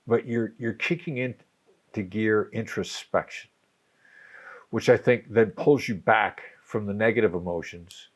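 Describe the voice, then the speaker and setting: An older man with a low voice talks through ideas in an unhurried, measured way. He often restarts and repeats phrases as he thinks aloud, in the tone of a seasoned coach. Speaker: guest, negotiation coach. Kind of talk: conversational explaining.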